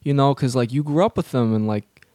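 A man's voice: mid-range voice, a little fast, dark tone, no echo, studio quality. A man hosting a comedic sports radio show, rambling with lots of filler words. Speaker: radio host.

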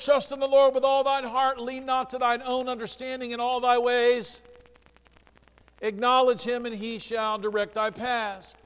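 A man preaching a sermon as pastor, animated, dropping to a hush and rising to a shout. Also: high voice. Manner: animated, swings from hushed to shouting. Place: church sanctuary. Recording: long reverb of a church hall.

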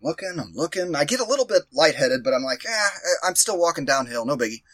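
Bright-voiced man telling a rambling story. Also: on the high side, big pitch swings, fast talker, dry recording. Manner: rambling, profane, self-mocking. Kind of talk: casual storytelling.

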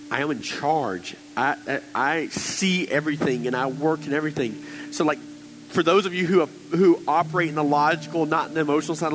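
A man preaching a sermon, moving between quiet scripture reading and loud, emphatic exhortation. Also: lowish voice. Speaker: pastor. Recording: long hall reverb with faint hiss.

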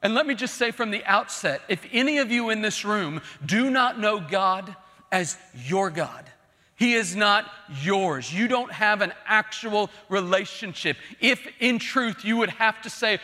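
A man preaching a heartfelt sermon in a high, ringing voice that carries with a sharp edge. His delivery is earnest and emphatic, building to pleading intensity. The sound rolls with the long reverb of a big church hall. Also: unhurried. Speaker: pastor.

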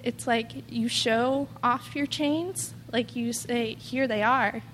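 A woman's voice: fairly high pitch, fairly even intonation, takes it slowly, a bit bright, long reverb tail, slight background noise. A woman giving an earnest, rambling personal testimony, full of "like" and quoted asides. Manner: earnest, rambling, heavy use of "like". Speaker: testimony speaker.

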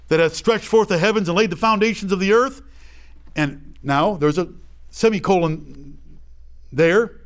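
A Bible teacher with a high-sitting, animated voice leads a verse-by-verse study at a moderate pace. He reads old scripture aloud, then explains it in plain everyday talk, acting out little voices and examples along the way.

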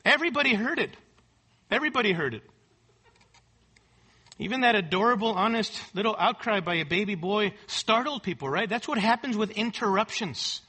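A man's voice: high-pitched, animated, fairly quick, pushed and bright, breathy edge. A man preaching an expository sermon at a church service. He talks emphatically, repeats key words and often asks "right?". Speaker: pastor.

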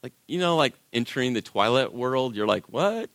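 A man's voice: medium pitch, normal speed, no echo, clean studio sound. A man, a worship leader, telling a personal story as a sermon and acting out the voices of people in it. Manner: animated, acts out quoted voices.

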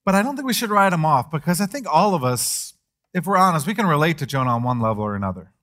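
A middle-aged male pastor delivering a sermon in a slightly higher-than-usual voice. He preaches with animation, rising in pitch and force as he acts out the speakers of the text. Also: big pitch swings, fast talker, fairly bright tone.

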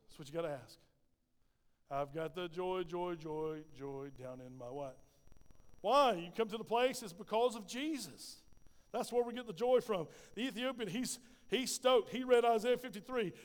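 A male pastor delivering a lively sermon, folksy and conversational, often asking the congregation questions and answering them himself. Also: sits high, big-room sound. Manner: lively preaching with call-and-response questions.

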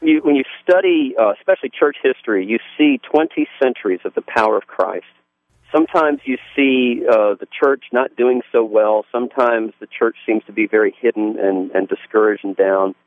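Speaking at normal speed with a medium pitch, a Southern-accented pastor from Georgia gives his testimony in a radio interview. He's earnest and folksy, pausing and restarting as he goes, and his voice comes through a thin, phone-like line that sounds close and dry.

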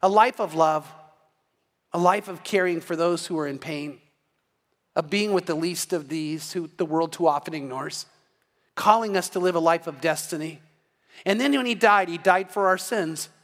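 High-voiced joking pastor in a reverberant church. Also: male voice, normal speed. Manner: animated, joking, acts out little dialogues. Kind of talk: sermon.

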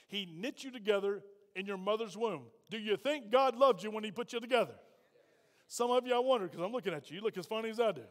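High-voiced preacher in a reverberant church. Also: male voice, lively intonation, fast. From Virginia. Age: middle-aged. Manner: folksy, direct, calls on congregation. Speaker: pastor. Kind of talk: sermon. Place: church sanctuary.

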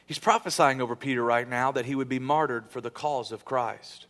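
A man in his thirties preaching a sermon, telling stories in an animated way and building to emphatic, loud bursts. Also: mid-range voice, fairly quick, hardly any pauses. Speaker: pastor.

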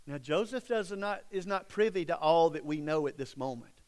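Male pastor, high voice, dramatic sermon storyteller with hushed drops. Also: animated, normal speed. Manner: dramatic storytelling with sudden drops to near-whisper.

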